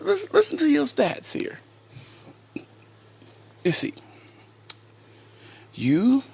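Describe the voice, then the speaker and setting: A man's voice: mid-range voice, creaky, husky. A man in a taunting roast rant, dragging his words out. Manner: taunting, drawn-out. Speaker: vlogger.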